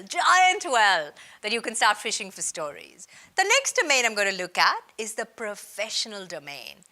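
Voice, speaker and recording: A woman from India presents a business training session on storytelling. Her voice is bright and forceful, and her pitch moves up and down in a lively way. She stresses her points firmly, like a practiced workshop speaker. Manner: lively, emphatic teaching delivery. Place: based in Australia.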